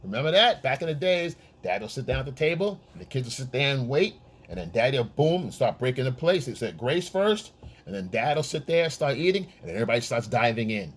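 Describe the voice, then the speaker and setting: A man's voice: medium pitch, big pitch swings, fast, husky. A man giving blunt, profane dating advice in a casual monologue, often checking in with the listener. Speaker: men's dating coach.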